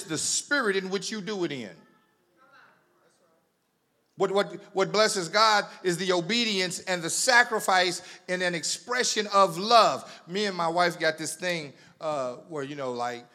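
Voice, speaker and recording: A man's voice: on the high side, bright, forceful tone. A man preaching as pastor, chatty and teasing, often repeating words as he tells a funny story. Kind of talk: sermon with humorous storytelling.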